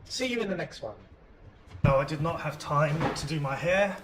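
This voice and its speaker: A man's voice: a little high, expressive, normal speed, noisy background. A man co-hosting a casual podcast at an English school, joking around in a loose, playful way. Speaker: podcast co-host and English teacher.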